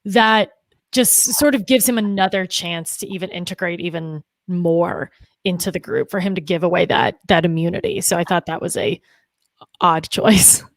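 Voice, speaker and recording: A woman co-hosting a podcast, giving measured opinions in casual chat. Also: lowish voice, creaky, no echo. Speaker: podcast co-host.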